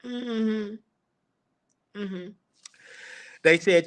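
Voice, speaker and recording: A thirties-aged male host speaks slowly in a fairly high, sing-song voice, a bit bright and broken by long pauses. During his live Q&A chat he shares personal stories in a candid, confiding manner.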